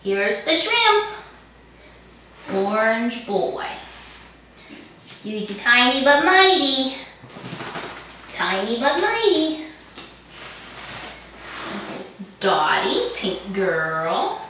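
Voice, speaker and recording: A woman coos at her puppies in high, sing-song baby talk that swoops up and down. She speaks slowly and coaxingly. She is caught from across a very echoey room on a noisy home camera. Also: very animated, pushed and bright, far from the mic. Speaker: puppy owner.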